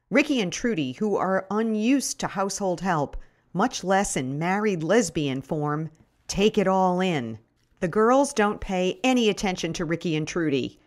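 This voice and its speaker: A middle-aged woman reading her first-person memoir in a wry, deadpan storytelling manner. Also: mid-range voice. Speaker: narrator.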